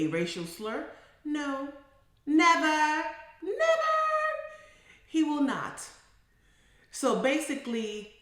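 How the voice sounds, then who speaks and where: Animated middle-aged woman in an echoey room. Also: lowish voice. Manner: emphatic, animated, builds to forceful declarations. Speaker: psychotherapist. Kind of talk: casual monologue storytelling.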